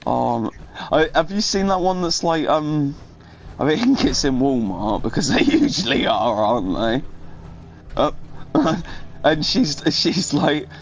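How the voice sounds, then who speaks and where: A man's voice: on the high side, animated, slow, slight background noise. A man in casual, rambling, profane chat, telling funny stories. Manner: rambling, profane, laughing storyteller. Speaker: streamer.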